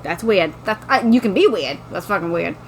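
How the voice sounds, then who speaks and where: A woman co-hosting a podcast, recapping a book in casual chat, animated and swearing freely. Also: medium pitch, normal speed, slight background noise, low-quality recording. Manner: animated, swears freely, acts out quotes in silly voices. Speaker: podcast co-host.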